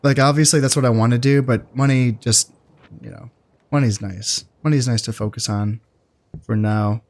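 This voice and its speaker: A man casually commentating his strategy game, thinking aloud in a relaxed, musing way with fillers. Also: mid-range voice, normal speed. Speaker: gameplay commentator. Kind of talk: casual let's-play commentary.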